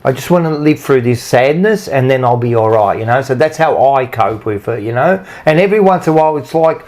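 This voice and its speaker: A man co-hosting a casual podcast chat. He rambles through his thoughts, keeps checking in with his listeners, and speaks at a middling pitch. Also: animated, fairly quick, a little mellow. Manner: rambling, frequent "you know what I mean". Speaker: podcast co-host.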